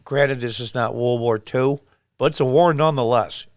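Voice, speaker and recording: A man in his sixties, hailing from upstate New York, exclaims over footage while giving emphatic, casual political commentary and repeating himself. His mid-range voice moves at a normal speed in clean, echo-free studio audio.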